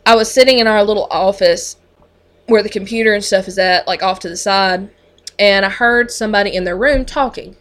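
A woman's voice: mid-range voice, brisk, fairly bright tone. A woman who works on a mental health unit tells a story in casual conversation, chatty and full of fillers.

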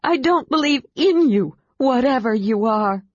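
A woman's voice: fairly high pitch, a little slow, slightly rough, no echo, pitched above the performer's own voice. A woman voicing a fierce, defiant warrior woman. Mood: angry. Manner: tense, defiant, through clenched teeth. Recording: dull, dry lo-fi audiobook recording.

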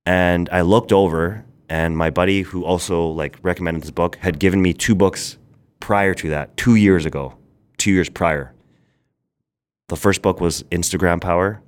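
Low-voiced man telling a rambling story. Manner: rambling, quick bursts, quotes people in animated voices. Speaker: podcast guest, brand founder. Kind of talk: casual interview storytelling.

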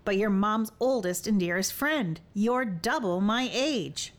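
A woman's voice: medium pitch, animated, unhurried, close to an everyday voice. A woman doing a flustered, sputtering young man. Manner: sputtering, hesitant. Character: flustered young male warrior, earnest.

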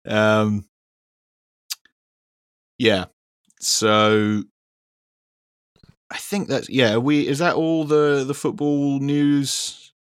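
A man's voice: medium pitch, fairly even intonation, very slow, long pauses, clear, resonant tone, dry recording, studio quality. A young man co-hosting a casual football podcast, rambling and laughing often, with casual swearing. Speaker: podcast co-host.

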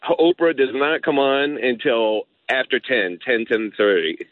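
A man's voice: medium pitch, expressive. Nervous male caller on a tinny phone line. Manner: nervous, halting. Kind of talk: phone-in chat.

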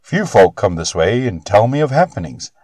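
A man voicing an old male sorcerer-smith, cunning and grasping, with a shrieking high voice and archaic speech, in a storybook reading. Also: big pitch swings, normal speed, a little mellow, no echo. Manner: archaic, demanding.

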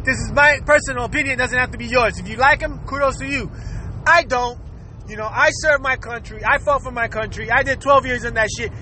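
A man's voice: very high-pitched, bright, forceful tone, a little hiss or hum. A man in his thirties hosting a casual podcast, ranting bluntly with lots of swearing and frequent laughter. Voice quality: profane, laughs often, blunt. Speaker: podcast host.

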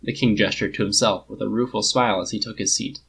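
A man narrating a story in a measured, even reading voice. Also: lowish voice, gravelly, husky.

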